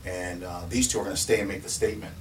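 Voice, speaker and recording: A man who runs a community security firm, telling a story in an animated way, laughing often and acting out what others said. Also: low voice, fast talker, echoey room. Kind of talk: storytelling in a recorded conversation. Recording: distant mic with faint background noise.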